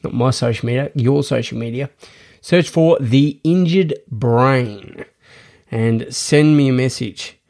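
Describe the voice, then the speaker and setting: A man's voice: medium pitch, takes it slowly, darkish tone. Rambling man hosting a podcast. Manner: rambling, many restarts and fillers. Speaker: podcast host. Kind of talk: casual monologue.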